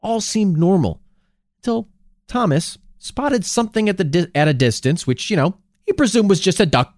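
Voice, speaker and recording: A man's voice: sits high, sing-song, normal speed, dry recording, studio quality. A man co-hosting a podcast, retelling an old story in a casual, jokey way with sarcastic asides. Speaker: podcast co-host.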